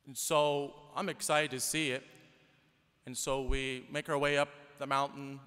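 Priest guy giving a homily, chatty storytelling, bright clear voice, long echo like a big church. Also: medium pitch, little pitch movement, a little slow. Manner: conversational, storytelling with rhetorical questions. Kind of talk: sermon.

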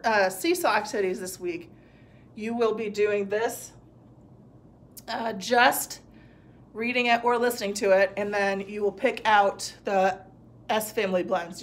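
A woman teacher giving a recorded phonics lesson to young children, patiently sounding out words and praising answers. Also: mid-range voice.

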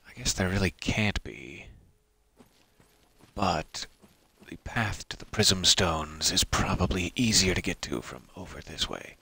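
Wry, musing low-voiced gamer. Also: male voice, measured pace, gravelly, breathy edge. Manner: musing, wry and soft-spoken. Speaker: game streamer. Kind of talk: let's play commentary.

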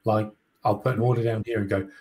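A man co-hosting a live trading stream, talking casually and explaining his trades with relaxed restarts and fillers. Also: on the low side, fast. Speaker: co-host trader.

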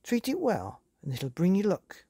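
A woman voicing an old traveller grandmother in a bedtime story, fond and firm, with a gravelly, husky voice. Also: fairly low pitch, huge pitch swings, normal speed, mellow, dry recording, clean studio sound, voice pushed up, full character voice. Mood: fond, earnest.

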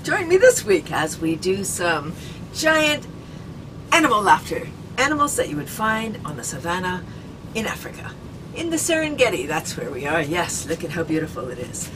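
A woman's voice: medium pitch, big pitch swings, normal speed. A woman from Canada leading a playful guided laughter exercise, bubbly and giggly with lots of exclamations. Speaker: laughter club leader. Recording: distant mic with noticeable background noise.

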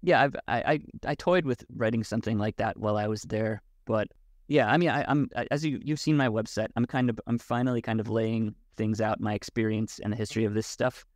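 A man as a podcast guest, talking in a thoughtful, halting way with many restarts. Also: lowish voice, dry recording, studio quality. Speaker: podcast guest, Wudang martial arts teacher. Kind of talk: casual conversation.

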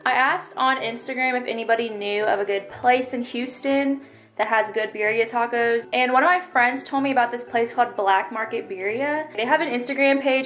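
A woman's voice: a little high, moderate pace, fairly bright tone, soft background music. A woman in her twenties, from Texas, chatting casually to camera as a tired vlogger who says "like" and "literally" a lot. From Texas, United States. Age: 20s. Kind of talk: casual vlog chat.

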